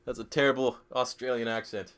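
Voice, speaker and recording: A man's voice: medium pitch, steady tone, brisk, a bit bright, clear, resonant tone. Profane joking man streaming a game. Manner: profane, joking, reads chat aloud. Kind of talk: casual live stream commentary.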